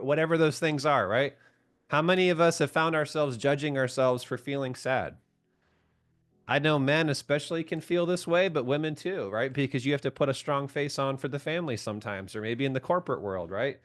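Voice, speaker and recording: A man's voice: on the high side, moderate pace, a bit bright. A man leading a group call as a coach, chatting casually, asking his listeners questions and laughing often. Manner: chatty, asks the audience questions, laughs often, keeps saying "right?"; reads out and answers viewers' comments by name.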